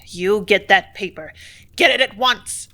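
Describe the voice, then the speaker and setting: A loud, blustering male factory superintendent, as a woman reads him in a storybook voice. He snaps and bullies, pushing his lines hard and forcefully. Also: mid-range voice, brisk, natural voice. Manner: loud, brusque, bullying.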